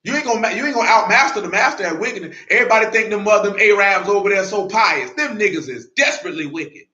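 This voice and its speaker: A male preacher giving an emphatic sermon in blunt street talk, often building to shouts. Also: high voice, animated, fast talker. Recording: roomy, dull lo-fi recording.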